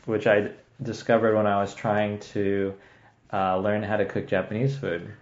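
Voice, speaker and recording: A man's voice: on the low side, level tone, a little slow. Laid-back man chatting in an echoey room. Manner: laid-back, rambling, laughs often. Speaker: podcast co-host. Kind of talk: casual chat. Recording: echoey room, dull lo-fi sound.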